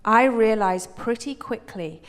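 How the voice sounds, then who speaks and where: A woman's voice: on the high side, unhurried. A woman from England with an English accent, telling a wry, dry-humoured story live on stage. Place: theatre stage before an audience. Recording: live hall reverb with music score.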